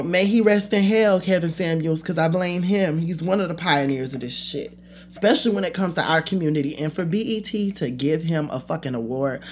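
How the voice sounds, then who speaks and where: This young adult woman, the host of her own podcast, delivers a casual, blunt, profanity-laced solo rant, drifting off mid-thought and picking back up. Her voice sits on the low side, with a slight hiss or hum in the audio.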